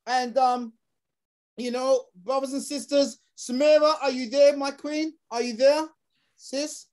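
A man's voice: extremely high pitch, fairly even intonation, a little slow, a little mellow. A man hosting a live online talk, addressing his audience in a rousing, preacher-like way over a video call. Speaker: host. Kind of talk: energetic live show hosting.

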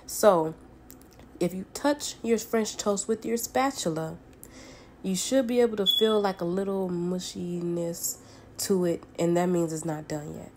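A woman's voice: lowish voice, a little slow, a little hiss or hum. A woman from the Southern United States with a Southern accent, chatting casually as a home cook through a cooking tutorial in her kitchen, folksy and friendly with viewers. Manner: folksy and chatty, calls viewers honey and baby.

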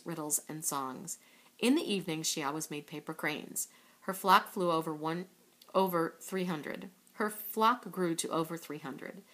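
A woman reading a children's book aloud in a steady voice, now and then correcting a slip. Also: lowish voice. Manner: steady, with occasional slips and self-corrections. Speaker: reader.

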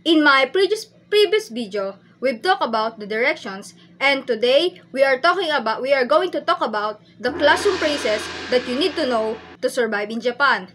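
A woman teaching a language lesson, explaining phrases slowly and patiently and repeating each one. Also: high voice, animated, fairly bright tone, slight background noise, rough recording.

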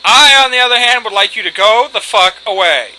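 A man's voice: sits high, lively intonation, a little fast, pushed and bright, poor audio. A man hosting a let's play, talking casually over gameplay and going off on profane, rambling rants. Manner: rambling, profane, ranting asides. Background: faint video game music.

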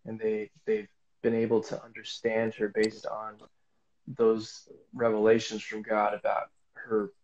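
A man's voice: on the low side, dull audio. Rambling man sharing a faith story. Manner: rambling storyteller with many fillers. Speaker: guest speaker. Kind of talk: casual faith testimony.

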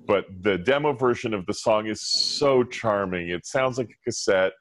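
A man on a podcast panel talks about a favorite song demo with a self-deprecating touch. His voice is a little low, and the sound is dry, with no echo. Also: moderate pace, a bit bright.

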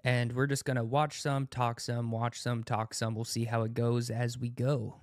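A man's voice: medium pitch, level tone, moderate pace, no echo, clean studio sound. A man who preaches, hosting a podcast in a casual, conversational way and repeating phrases for emphasis.

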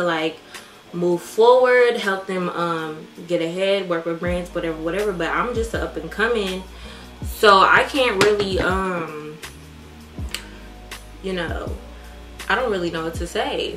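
A woman's voice: fairly low pitch, reverberant. A young woman, chatting candidly and with lots of swearing while doing her makeup for a beauty vlog. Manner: candid, profane, animated. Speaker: beauty vlogger.

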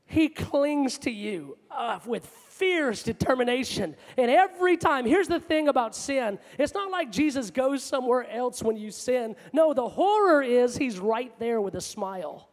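A man preaching a sermon with passion, moving between loud outbursts and hushed asides, in a large church hall. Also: very high-pitched, animated, a little slow, few pauses. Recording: long hall reverb.

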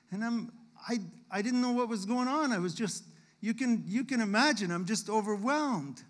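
A man with a notably high-pitched voice tells a heartfelt story from the pulpit. His delivery is earnest and emotional, and the sound carries the long reverb of a church sanctuary. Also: moderate pace. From Canada. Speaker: guest missionary speaker. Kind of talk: sermon testimony.

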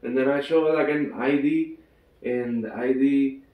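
A man's voice: mid-range voice, steady tone, measured pace, phone-quality sound. A man with a Filipino accent casually telling a long story, acting out the quotes and laughing often. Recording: echoey room, mic at a distance, faint ambience.

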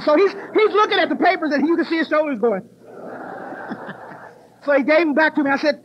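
A middle-aged woman from the US Midwest giving an animated, laughing personal testimony at a recovery conference. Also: sits high, a little fast, long pauses, a little hiss or hum. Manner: animated, laughing, exclamatory storyteller. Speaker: recovery meeting speaker. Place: conference hall stage. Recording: muffled cassette tape transfer.

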